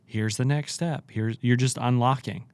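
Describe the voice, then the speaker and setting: A man co-hosting a podcast, calmly coaching listeners on sales talk in a casual chat. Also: mid-range voice, moderate pace, clear, resonant tone, no room sound. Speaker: podcast co-host.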